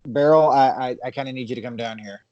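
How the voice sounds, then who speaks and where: A man's voice: mid-range voice, fast, darkish tone, no echo, lo-fi sound, natural voice. A man voicing an anxious young woman who keeps pleading and hesitating as she tries to lure a friend toward her.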